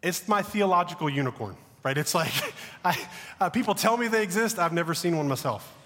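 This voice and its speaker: A Southern American man in his thirties delivers a sermon in a conversational, self-deprecating way. His voice sits a little high for a man. It rings with the long reverb of a large hall. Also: animated, brisk. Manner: conversational, self-deprecating, drops to a hushed voice for stories. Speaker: pastor.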